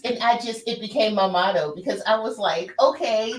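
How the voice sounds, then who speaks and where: A woman's voice: on the high side, a little fast, recorded from a distance. A woman chatting casually on a stream, from the American South, laughing often and talking expressively. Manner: laughs a lot, lively and expressive. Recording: echoey room, voice off-mic.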